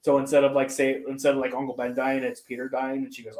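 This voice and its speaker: A man's voice: medium pitch, completely flat delivery, quick pace, a little mellow. A man chatting casually as co-host, telling stories in a rambling, profane way and acting out quotes. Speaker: podcast co-host. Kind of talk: casual chat. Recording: roomy echo.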